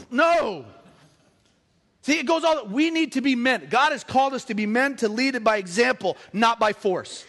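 A middle-aged man preaching a sermon, animated and joking with the congregation. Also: very high-pitched, normal speed. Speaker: pastor.

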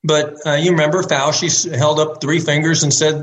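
A man who is a doctor, answering interview questions in a measured way and building his points step by step. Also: on the high side, little pitch movement, rough recording. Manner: measured, builds arguments in lists. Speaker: doctor guest.

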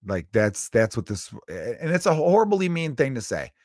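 A man's voice: mid-range voice, sing-song, moderate pace, a little mellow, no room sound, studio quality. A man in his thirties hosting a podcast, telling a rambling story in a profane, self-mocking, casual way. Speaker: podcast host. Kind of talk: casual comedic monologue.

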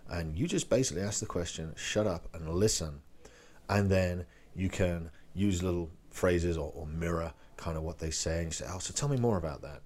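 A man's voice: deep voice, normal speed, darkish tone. A man, a real estate agent, giving a casual talk that teaches phone sales and acts out short call lines. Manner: conversational, loose, role-plays phone lines.

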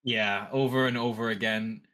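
A man co-hosting a casual podcast with a bright, forward voice. He explains things step by step in summaries. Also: on the low side, steady tone, normal speed. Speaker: podcast co-host.

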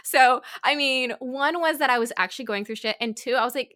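A young woman telling a story in casual chat, animated and giggly, full of "like". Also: high-pitched, fairly quick. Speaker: podcast co-host.

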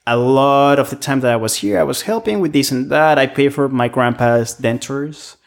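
A man with a creaky, medium-pitched voice and a moderate pace talks casually as a podcast guest. He's a restaurant worker rambling through stories about the job.

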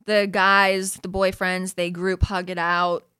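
A woman's voice: on the low side, level tone, takes it slowly, sharp tone, clear, resonant tone, no room sound, clean studio sound. A young woman hosting a podcast, chatting casually, with lots of "like", frequent laughs and easy swearing. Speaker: podcast host recapping a reality show. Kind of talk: casual chat.

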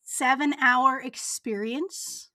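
Female co-host, higher pitch, dry recording, enthusiastic chatter. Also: steady tone, slow, pushed and bright, dry recording. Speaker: podcast co-host. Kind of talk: casual chat.

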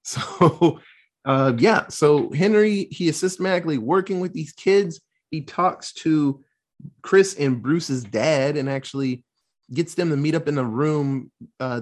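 A man casually recapping a film plot, swearing freely and acting out the characters' lines in quick put-on voices. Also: fairly high pitch. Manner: loose, profane, acts out quotes in quick voices. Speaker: podcast host recapping a film. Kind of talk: casual chat.

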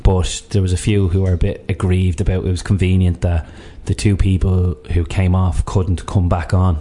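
A man co-hosting a sports radio show, chatting in a fast, rambling, jokey way. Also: low-pitched, flat delivery, warm tone. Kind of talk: casual sports radio chat.

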